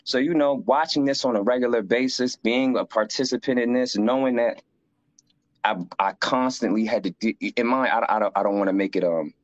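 A man's voice: mid-range voice, fairly quick, no room sound, highs cut off. A man in casual conversation, telling stories animatedly, acting out quoted voices and using frequent fillers. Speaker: guest sharing life story.

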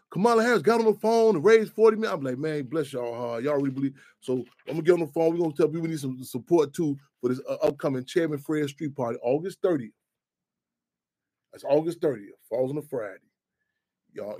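A man hosts a call-in radio show in a fairly high voice. He talks in an animated, profane ramble, circling back and restarting his sentences as he goes.

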